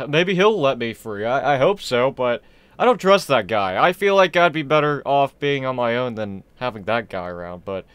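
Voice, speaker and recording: A young man casually commenting on a horror game he is playing, rambling, excitable and self-deprecating. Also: mid-range voice, normal speed, clear, resonant tone, no room sound. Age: young adult. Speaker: gaming channel host. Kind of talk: casual let's-play commentary.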